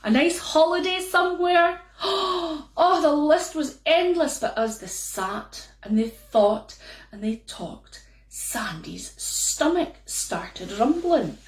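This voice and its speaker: A woman with a Scottish accent telling a folk tale in a playful, lively way. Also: sits high, slow pace, reverberant. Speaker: storyteller. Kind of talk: storytelling.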